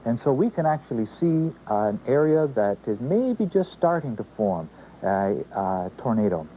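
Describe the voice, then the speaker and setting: A male weather forecaster explaining in an interview, speaking haltingly with many pauses and fillers. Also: medium pitch, very animated, warm tone, a little hiss or hum, rough recording. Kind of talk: interview answers.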